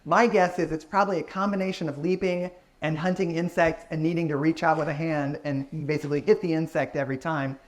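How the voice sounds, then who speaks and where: A man's voice: fairly high pitch, steady tone, brisk, few pauses. A man giving a public science talk, answering audience questions in an enthusiastic, explanatory way.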